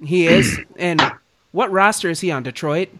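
A young man co-hosts a casual sports podcast. He vents as an exasperated fan in a slightly high voice. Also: moderate pace, noisy background. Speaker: podcast co-host.

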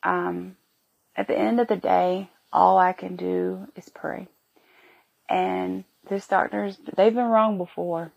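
Emotional woman with a gravelly, husky voice. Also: lowish voice, fairly even intonation, muffled recording. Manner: emotional, halting, heartfelt. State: feeling sick and emotional. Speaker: podcast host. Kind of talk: personal storytelling.

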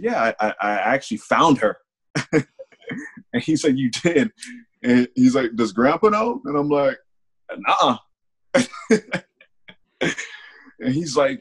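Young man, lowish voice, halting candid testimony, gets quiet on the heavy parts. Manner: candid, halting, with small laughs and restarts; slows and softens on heartfelt lines. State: emotional, holding back tears. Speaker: testimony speaker. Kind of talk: personal testimony, casual storytelling.

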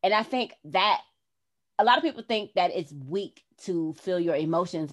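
A woman hosting a podcast, talking in a casual heart-to-heart way and acting out her own past words expressively. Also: fairly low pitch. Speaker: podcast host.

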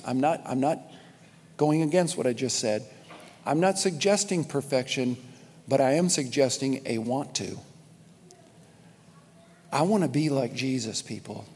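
A man's voice: mid-range voice, darkish tone, slightly rough. A man preaching a sermon in a church, speaking emphatically, repeating key lines and addressing the congregation directly. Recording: long reverb of a large hall.

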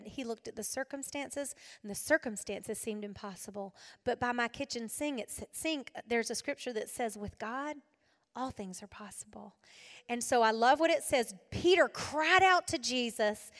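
Woman, middle-aged, sermon, high voice, animated, loud and hushed by turns, long hall reverb. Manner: animated, shifts between loud exclaiming and hushed soft delivery. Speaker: speaker at a women's gathering. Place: hall addressed to an audience.

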